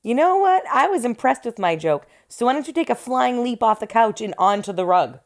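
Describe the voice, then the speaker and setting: Woman, has a cold, co-host, teasing, dry humor, very lively intonation, home. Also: on the high side. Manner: teasing, dry, quick with jokes and mock quotes. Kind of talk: casual movie-watching banter. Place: living room at home.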